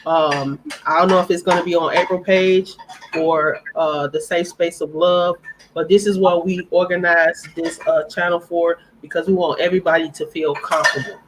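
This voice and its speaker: A woman's voice: on the low side, steady tone, normal speed, noisy background. A woman speaking on a live-stream panel, earnest and heartfelt, repeating phrases for emphasis.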